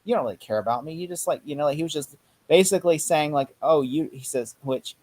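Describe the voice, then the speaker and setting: A man's voice: on the high side, fast talker, a little mellow. A man hosting a casual chat, animatedly acting out lines from scenes, with many fillers. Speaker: podcast host.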